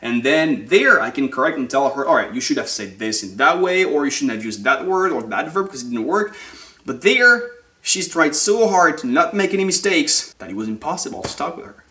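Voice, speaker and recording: A man's voice: fairly high pitch, brisk, reverberant. French-accented man urging viewers on. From France. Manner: animated, urging, rhetorical questions. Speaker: vlogger. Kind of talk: motivational talk to camera.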